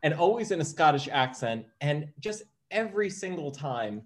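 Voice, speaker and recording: A man co-hosting a film discussion podcast, talking in a measured, deliberate way as he builds his points. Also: fairly high pitch, big pitch swings. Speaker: podcast co-host.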